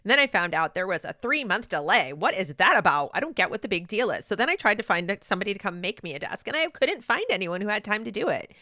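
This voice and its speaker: A woman's voice: medium pitch, big pitch swings, fast, hardly any pauses, sharp tone, no room sound, clean studio sound. A woman putting on a clueless valley girl. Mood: clueless whiny. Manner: airy, baffled, upspeak. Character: clueless young valley girl, sheltered and whiny.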